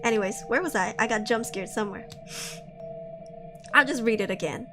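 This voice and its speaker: A young woman streamer chats and reads with a playful, slangy manner, laughing often. Her voice is high. Music plays clearly underneath. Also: moderate pace, long pauses. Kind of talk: casual live-stream chat and reading.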